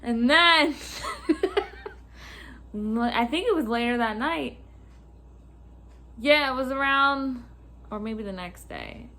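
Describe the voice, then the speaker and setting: A young woman telling a casual storytime rant about work, swearing freely, laughing and acting out customers in loud voices. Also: high-pitched, lively intonation, extremely slow, pauses often. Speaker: vlogger.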